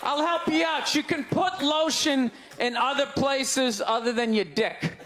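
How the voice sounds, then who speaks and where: A man doing stand-up comedy, ranting loudly and incredulously, shouting his punchlines to an audience on stage with a handheld mic. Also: very high-pitched, a little slow. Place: large comedy venue on stage. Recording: live show with crowd laughter and noise. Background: audience laughing and groaning.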